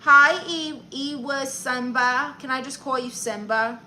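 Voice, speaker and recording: A brash, chatty woman with a Brooklyn accent and a fairly high voice. She hosts an in-character comedy live stream, greeting viewers one after another and reading their comments aloud. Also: measured pace, sharp tone, slight background noise, poor audio. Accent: Brooklyn New York. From Brooklyn, New York. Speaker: livestream comedy host.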